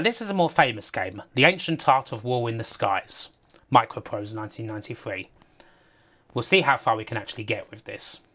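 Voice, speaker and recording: A woman's voice: rumbling low, a bit bright. A woman giving casual live-stream commentary on games, sardonic and sweary, often laughing. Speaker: game streamer.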